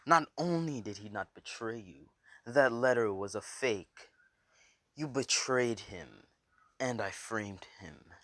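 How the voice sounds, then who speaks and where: A man doing a sneering demon lord, low and hushed. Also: animated, moderate pace, dry recording. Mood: gloating. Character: cruel mocking male demon lord. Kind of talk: casual fan story reading.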